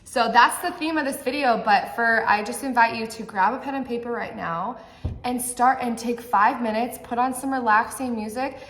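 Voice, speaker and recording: A woman's voice: fairly high pitch, moderate pace, a bit bright. A woman giving a motivational talk to camera as a mindset coach, earnest and direct, often checking in with the viewer. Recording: echoey room.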